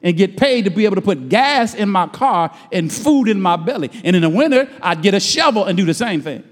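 A high-voiced middle-aged man preaches with folksy, emphatic drive, drawing words out slowly to hammer his points. His voice rings with the long reverb of a large hall. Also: animated. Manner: emphatic call-and-response preaching, slows and stretches words for emphasis; folksy, colloquial speech. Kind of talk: sermon.

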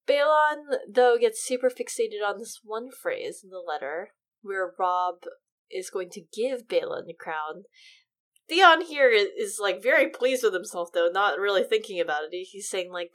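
A woman's voice: medium pitch, moderate pace. A woman in casual podcast conversation, talking about a book and acting out lines with lots of energy. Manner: animated, acts out quotes in big voices. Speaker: podcast co-host.

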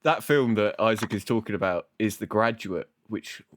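A man's voice: fairly low pitch, moderate pace, dry recording, studio quality. A young man hosting a casual film podcast in a loose, sweary, self-deprecating way. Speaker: podcast host.

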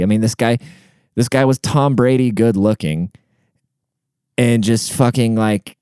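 A man's voice: medium pitch, a little slow, long pauses, a little mellow, clear, resonant tone, no echo, clean studio sound. A young man talking casually through a personal story, rambling with lots of filler words and swearing, earnest and emotional.

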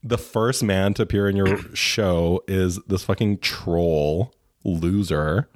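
Deep snarky guy ranting and cussing, dry close mic. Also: slow pace, no echo. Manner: snarky, ranting, swears freely. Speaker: podcast co-host. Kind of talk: casual chat.

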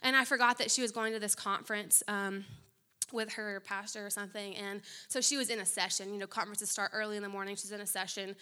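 A young woman preaching a sermon, telling a story with quick asides. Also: medium pitch, fairly even intonation, sharp tone, smooth.

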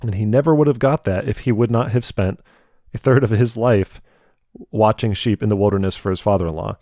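A young man giving a conversational Bible teaching, retelling scripture stories in a lively, chatty way. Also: on the low side, fairly quick, no room sound, studio quality. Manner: conversational, animated retelling with voiced asides. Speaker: preacher.

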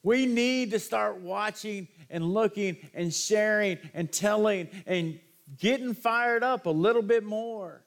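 A man preaching a sermon as pastor, folksy and animated, his voice rising in excited bursts. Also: high voice, slow pace, vocal fry.

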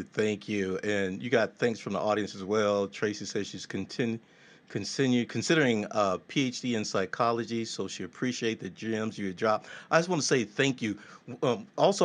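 A man hosting a casual talk show, animated and jokey, repeating his thanks. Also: fairly low pitch. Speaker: show host.

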